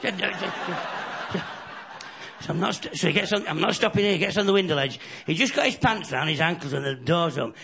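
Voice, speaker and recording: A man from the north of England doing a bawdy stand-up routine, telling stories and slipping into quick character voices. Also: on the high side, lively intonation, gravelly, background noise. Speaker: stand-up comedian. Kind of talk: stand-up routine with crowd laughter. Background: audience laughter.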